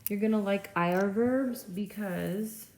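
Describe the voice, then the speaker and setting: A woman's voice: mid-range voice, a little slow. A woman teacher giving a classroom lecture, explaining step by step and checking in with frequent okays. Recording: echoey room, faint noise.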